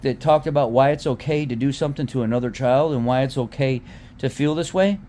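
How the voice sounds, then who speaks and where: Male vlogger, 30s, angry repetitive swearing rant, low-middle pitch. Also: a little fast, warm tone. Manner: heated, repetitive, swears freely; restarts and repeats words. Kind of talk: casual rant to camera.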